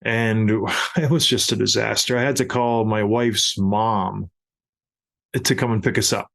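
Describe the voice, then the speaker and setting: A middle-aged man hosting a podcast, telling a family story in a casual, animated way with laughs. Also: on the low side, measured pace, creaky. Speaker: podcast host.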